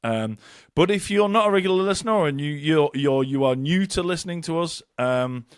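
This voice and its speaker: A man's voice: fairly high pitch, lively intonation, brisk, clean tone, no echo, clean studio sound. A man co-hosting a casual podcast chat, rambling and self-mocking with lots of hesitations. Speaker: podcast co-host.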